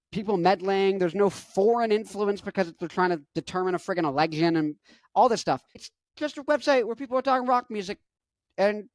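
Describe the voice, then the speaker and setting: A young man in his twenties, a rock musician talking straight to his viewers in a loose, rambling monologue. His voice sits a bit high for a man and keeps leaping into excited highs before settling back. The sound is dry, with no room around it. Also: dry recording. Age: 20s. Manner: chatty, animated, swings up to excited highs and back; frequent restarts and repeated phrases.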